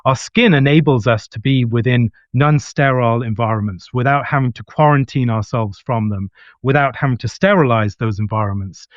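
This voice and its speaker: A man's voice: mid-range voice, moderate pace, no room sound, lo-fi sound. A man who is a guest scholar, giving an articulate, reflective answer that builds a long argument. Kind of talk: discussion answer.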